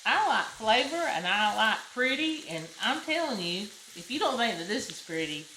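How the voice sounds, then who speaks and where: A woman's voice: on the high side, big pitch swings, moderate pace. Chatty Southern woman cooking at home. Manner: chatty and folksy, exclaims over the food. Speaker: cooking show host. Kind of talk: casual cooking demonstration. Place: home kitchen. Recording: roomy kitchen with loud frying noise. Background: sizzling pan and utensil clicks.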